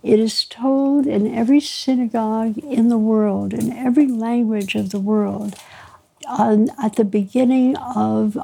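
A woman author, interviewed, telling lively anecdotes and acting out bits of dialogue with frequent laughs. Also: on the high side, unhurried, creaky, husky. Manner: lively raconteur, mimics dialogue, laughs often. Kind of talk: anecdotal storytelling.

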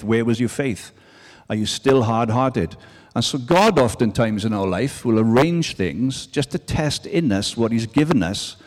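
A man of middle pitch preaches to a congregation, talking in an easy, conversational way. He pushes his voice up to stress key phrases. His words ring out with the long reverb of a large hall. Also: a little mellow. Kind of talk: sermon.

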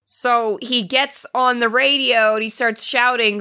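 A woman's voice: fairly high pitch, fairly even intonation, a little slow, pushed and bright, clean tone. A woman co-hosting a film podcast in casual chat, retelling the plot and acting out the characters' lines. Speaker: podcast co-host reviewing a film.

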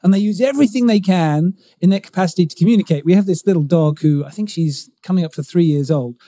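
A man's voice: sits high, fast, dark tone, no room sound, clean studio sound. A middle-aged man, a guest in an interview, explaining ideas expressively and stressing key words. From United Kingdom. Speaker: guest, communication coach. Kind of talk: conversational interview.

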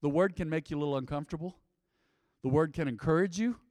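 A man's voice: a little high, fast, a little mellow, no echo, in a large hall. A man in his fifties preaching a sermon in a church, conversational, calling on the congregation to repeat phrases back to him. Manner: call-and-response, conversational, asks congregation to repeat. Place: church sanctuary.

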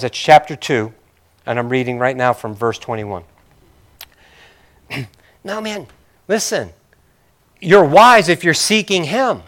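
A man's voice: sits high, fairly bright tone. A male pastor preaching a sermon in a conversational way, with joking, apologetic asides to his congregation.

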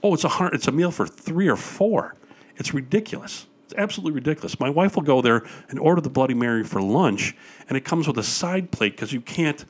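An older man from Wisconsin, chatting as a guest and telling stories eagerly, with plenty of "uh"s along the way. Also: medium pitch. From Wisconsin, USA. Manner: enthusiastic storyteller with frequent fillers. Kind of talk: casual chat.

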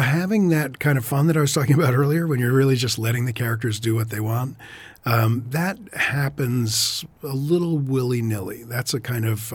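A man who works as an author and editor answers interview questions thoughtfully but hesitantly, with frequent fillers and restarts. His voice is medium-pitched and husky, with no echo.

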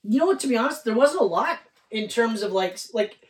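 A woman's voice: a little high, expressive, brisk. A woman co-hosting a casual movie review chat, profane and rambling, laughing often. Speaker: podcast co-host. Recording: roomy, distant mic.

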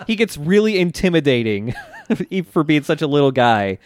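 A man's voice: fairly high pitch, sing-song, normal speed, a little hiss or hum. A man co-hosting a podcast, chatting casually as he retells anime scenes and laughing often. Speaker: podcast co-host. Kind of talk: casual chat recapping an anime.

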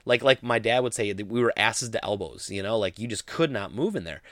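Young man, casual vlog storytelling, rapid rambling speech, dry close mic. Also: lowish voice, dry recording. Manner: rambling, animated, lots of "like" fillers. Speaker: vlogger.

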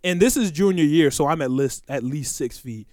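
Lively young man telling a story. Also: on the high side, moderate pace, no echo, clean studio sound. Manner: animated, laughing, swearing, acts out quoted voices. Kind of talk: casual storytelling with a friend.

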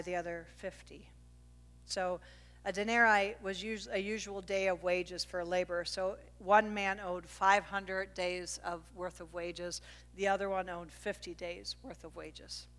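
A middle-aged woman preaching a sermon, telling a family story with animated energy that jumps up at the high points. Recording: reverberant hall.

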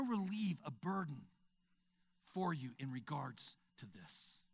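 An older male pastor preaching a sermon, telling stories and acting out dialogue, swinging from whispers to shouts. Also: fairly high pitch, sing-song, slow, gravelly, breathy edge.

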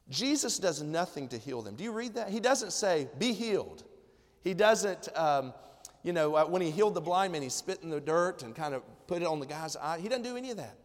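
Lively man preaching in a reverberant hall. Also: on the high side. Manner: animated, acts out people's words in quoted voices. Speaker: pastor. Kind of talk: sermon.

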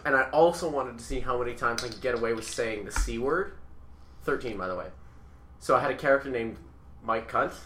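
A man's voice: medium pitch, a little fast, fairly bright tone. A teenage boy telling a crude, joking story in casual chat with friends. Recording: echoey room with faint noise.

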